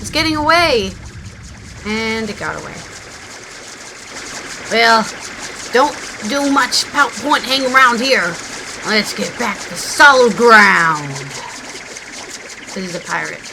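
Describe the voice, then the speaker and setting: A woman streamer commenting excitedly on a story game as she plays it. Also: on the high side, slow pace, pauses often, noisy background. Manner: excitable, reacting with gasps and laughs. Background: game music.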